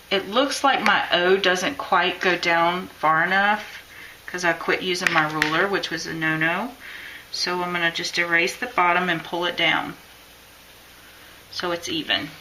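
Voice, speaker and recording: A woman's voice: fairly low pitch, sharp tone, slight background noise, low-quality recording. A woman teaching chalk lettering on a live stream, chatting and encouraging as she works. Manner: chatty, encouraging, talks while working. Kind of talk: live-stream drawing tutorial.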